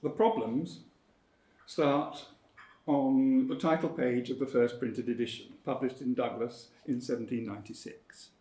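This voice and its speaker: Man, lecturer, mid-pitched voice, deliberate and emphatic, roomy hall sound. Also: fairly even intonation, mellow. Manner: measured, precise, emphatic. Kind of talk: academic lecture.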